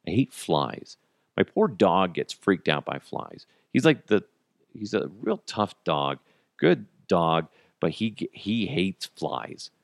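A man in his thirties hosting a podcast, ranting crudely and comically with sudden jumps in pitch. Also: big pitch swings, slow pace, vocal fry, no echo, clean studio sound. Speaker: podcast host. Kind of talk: casual comedic monologue.

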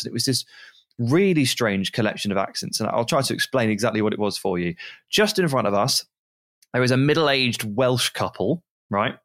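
A man co-hosting a podcast, telling a travel anecdote in casual chat and mimicking voices in quotes. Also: mid-range voice. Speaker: podcast co-host.

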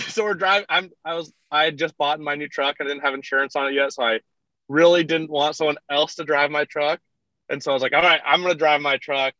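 Young male guest, chatty, says "like" constantly, bright tense tone, dry and slightly muffled recording. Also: medium pitch, no room sound. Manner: rambling, heavy use of "like", laughs through retellings. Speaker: podcast guest, kayaker. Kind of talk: casual storytelling. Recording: dull lo-fi dry sound.

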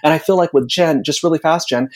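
A man's voice: on the high side, quick pace. A man speaking as a psychic guest in a casual podcast chat, blunt and emphatic, often repeating words as he starts a thought.

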